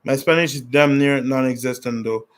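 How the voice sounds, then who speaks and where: A man's voice: medium pitch, fairly even intonation, moderate pace. A man vlogging in a casual, rambling way as he answers viewer questions, talking bluntly with many restarts and fillers. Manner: blunt and direct.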